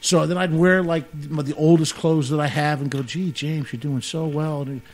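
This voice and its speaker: A man's voice: on the high side, a little fast, hardly any pauses, slight background noise. Rambling, jokey talk-radio co-host man. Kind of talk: casual chat.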